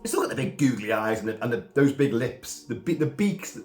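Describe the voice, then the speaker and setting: A man's voice: mid-range voice, sing-song, fairly quick, darkish tone, reverberant, soft background music. A man, sick and coughing, giving a rambling casual film review with asides and mild swearing.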